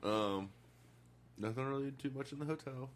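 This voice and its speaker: A man's voice: medium pitch, normal speed, a little hiss or hum. A man telling work stories in casual podcast chat, laughing often and swearing freely. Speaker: podcast co-host.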